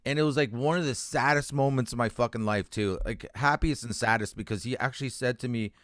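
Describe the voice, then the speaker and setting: Swearing, emotional Canadian comedian. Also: male voice, mid-range voice, a bit bright, no room sound, studio quality. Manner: emotional, swears freely, halting restarts. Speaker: comedian guest. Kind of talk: candid interview storytelling. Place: radio studio.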